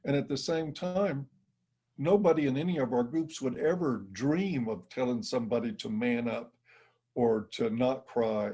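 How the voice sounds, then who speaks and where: A middle-aged man answers interview questions bluntly and with emphasis. His voice is mellow and dark, with a husky edge. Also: medium pitch. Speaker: interview guest. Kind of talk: interview conversation.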